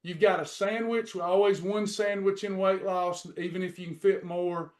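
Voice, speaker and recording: A man's voice: high-pitched, fairly even intonation, normal speed, darkish tone. A middle-aged man teaching a faith-based weight-loss lesson, preachy and repetitive as he encourages his class. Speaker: weight-loss program coach.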